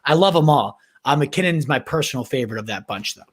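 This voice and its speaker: A man with a medium-pitched, animated voice talks at a quick pace while hosting a live fantasy football Q&A. He's hyped and slangy, calling viewers "baby" and "my dude," and often restarts sentences and repeats words as he thinks aloud.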